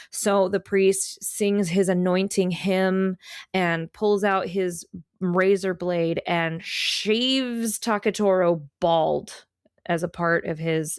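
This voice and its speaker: A woman's voice: on the low side, no room sound, clean studio sound. A woman co-hosting a podcast, retelling a folktale in a chatty, irreverent way. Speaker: podcast co-host. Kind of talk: casual storytelling.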